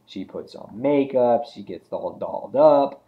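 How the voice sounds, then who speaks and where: A man's voice: medium pitch, lively intonation, a little slow, dull audio. A man giving a casual spoken comic book review, rambling with frequent ums and restarts.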